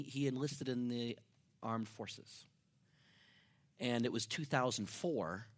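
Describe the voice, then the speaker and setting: Storytelling male pastor, loud then hushed. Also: medium pitch. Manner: storytelling, swinging from loud to near-whispered. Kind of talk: sermon. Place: church.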